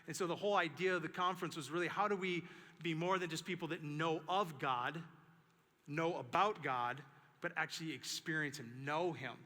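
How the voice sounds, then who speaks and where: A male pastor preaching with animated storytelling and emphatic repetition. His voice sits fairly high and sounds bright and forceful. It rings through a church sanctuary with a long reverb tail. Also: normal speed. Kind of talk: sermon.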